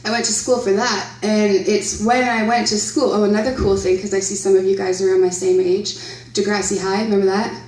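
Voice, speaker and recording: A Canadian woman in her thirties speaks as a panel speaker at a horror convention, telling a story live in a convention centre hall, chatty, laughing often and quizzing the crowd. Her medium-pitched, darkish voice is flat and a little fast. The audio is roomy and distant, typical of a live hall.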